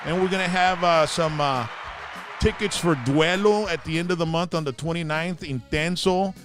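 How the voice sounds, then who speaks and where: Upbeat host promoting giveaways. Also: male voice, fairly high pitch, moderate pace, music in the background, crowd noise. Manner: upbeat, promotional, switches into Spanish. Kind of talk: casual live-show chat.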